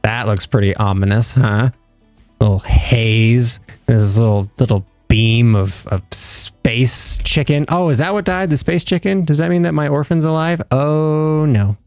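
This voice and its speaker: Young male streamer, gravelly fry, dry close sound, rambling and joking with chat. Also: mid-range voice, unhurried, darkish tone, no echo, soft background music. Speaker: livestreamer. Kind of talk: casual live gameplay chat.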